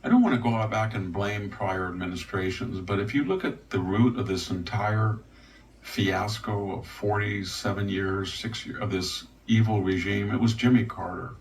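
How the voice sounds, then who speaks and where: An older man giving rambling, wry political commentary with a gravelly voice, now and then mocking others in their voices. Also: lowish voice, moderate pace. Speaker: guest commentator. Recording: distant mic with faint noise.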